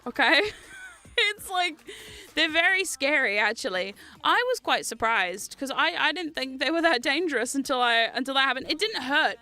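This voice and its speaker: A woman's voice: high-pitched, sharp tone. A woman in her thirties hosting a casual livestream chat, telling stories in a chatty, giggly way and reading chat aloud. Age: 30s. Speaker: livestream host.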